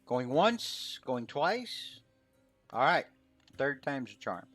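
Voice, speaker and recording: A man running a tabletop game as game master, narrating in a relaxed way full of fillers. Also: medium pitch, slow pace, breathy edge, dry recording, soft background music.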